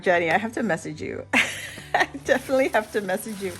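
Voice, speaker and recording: A woman's voice: mid-range voice, brisk. Giddy woman unboxing crafts. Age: middle-aged. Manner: excited and giddy, many gasps and laughs. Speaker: crafting vlogger. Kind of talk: casual unboxing chat.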